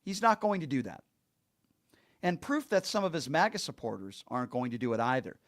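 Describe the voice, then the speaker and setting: A man's voice: medium pitch, sing-song, fairly quick. A man hosting a call-in talk show, speaking earnestly and emphatically and repeating his points for stress.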